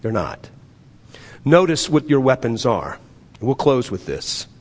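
A male pastor preaching a sermon in a conversational way, repeating phrases and dropping to a quiet voice for emphasis. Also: mid-range voice, very animated, slow, in a large hall.

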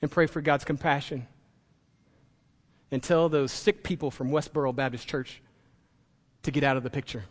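A man's voice: medium pitch, fairly even intonation, normal speed, long pauses, big-room sound. A man preaching a sermon as pastor, impassioned and building to emphatic peaks.

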